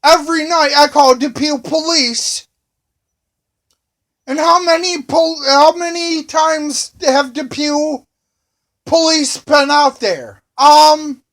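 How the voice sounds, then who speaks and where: Brief: high-pitched man, slow delivery, indignant repetitive rant straight to camera. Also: a bit bright. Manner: repetitive, indignant, repeats phrases again and again. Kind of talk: angry ranting monologue.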